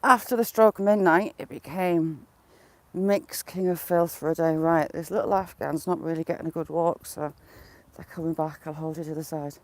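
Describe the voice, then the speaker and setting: A woman's voice: sits low, fairly even intonation, moderate pace, darkish tone, no room sound. A middle-aged woman chatting casually to her live viewers while walking her dog outdoors, often breaking into giggles. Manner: giggly, keeps breaking into laughter.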